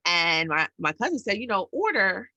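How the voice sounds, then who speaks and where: A New York woman chatting on her podcast, animated and full of acted-out reactions. Her pitch leaps around freely and her voice sounds bright and forward. The sound is dry, with no room behind it. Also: moderate pace, dry recording. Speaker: podcast co-host. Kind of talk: casual podcast chat.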